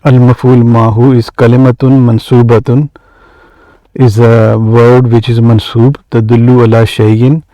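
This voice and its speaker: A man's voice: mid-range voice, dark tone, no room sound, rough recording. A man teaching an Arabic grammar lesson, reading Arabic phrases and then explaining each one in English with frequent hesitations.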